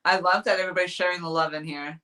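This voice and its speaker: A woman's voice: fairly low pitch, fairly even intonation, very fast, sharp tone. A woman from New Hampshire chatting casually on a live stream as a fishing vlogger, rambling and laughing often as she reads the chat.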